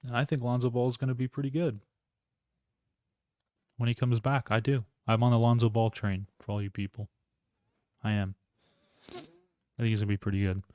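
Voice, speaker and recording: A man's voice: medium pitch, little pitch movement, normal speed, pauses often, darkish tone, no room sound. A man hosting a live solo sports reaction stream, rambling, interrupting himself and talking to his chat. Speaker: podcast host.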